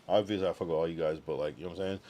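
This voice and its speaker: Drowsy and yawning, a young streamer chats casually with his audience and reads their comments, tossing in slang and rambling asides. He has a deep, warm voice and races along with fairly even intonation.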